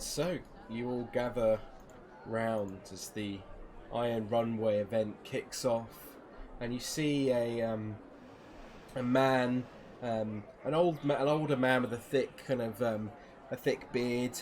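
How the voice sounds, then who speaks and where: A man narrating a tabletop game as game master, slowly and with frequent ums. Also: mid-range voice, fairly even intonation, darkish tone, a little hiss or hum.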